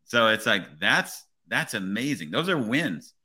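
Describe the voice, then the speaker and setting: A police officer hosting a podcast, talking in an earnest, motivational way and often checking in with "right?". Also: male voice, fairly low pitch, sing-song, measured pace, bright, forceful tone. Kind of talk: casual podcast conversation.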